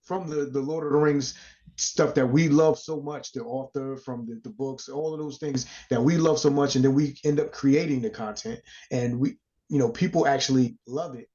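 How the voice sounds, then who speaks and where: A man co-hosting a podcast, speaking in a halting way and restarting phrases as he builds up his questions. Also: mid-range voice, fairly even intonation, warm tone, dull audio. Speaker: podcast co-host. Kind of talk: casual podcast chat.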